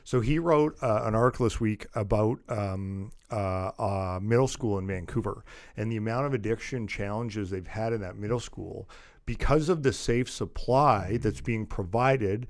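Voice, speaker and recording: A man co-hosting a podcast in casual political chat, animated and full of fillers, getting louder and higher when indignant. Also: moderate pace, no echo, clean studio sound. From Canada. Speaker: podcast co-host.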